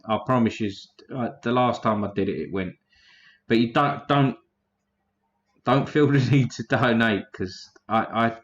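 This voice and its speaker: A man's voice: medium pitch, fairly bright tone, highs cut off. A man hosting a casual livestream, reading chat names aloud in a blunt, profane way.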